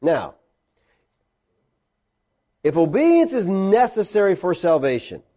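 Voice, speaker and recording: A man preaching a conversational sermon, teaching a class and putting questions to them. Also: slow pace. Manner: animated, swings between high and low pitch. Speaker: pastor.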